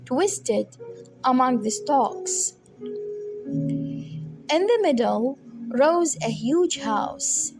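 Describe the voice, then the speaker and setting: A woman reads a children's storybook aloud, taking her time with each phrase. Her voice is high and gentle in pace. Soft music plays behind her. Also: lively intonation, creaky. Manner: slow, deliberate. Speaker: narrator.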